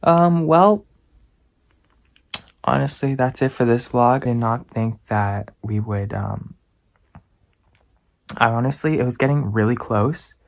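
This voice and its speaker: A young man from Canada, a student talking casually to the camera in a rambling, self-deprecating way that turns easily excited. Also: mid-range voice, measured pace, creaky. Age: young adult. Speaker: student vlogger. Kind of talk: casual vlog talk to camera.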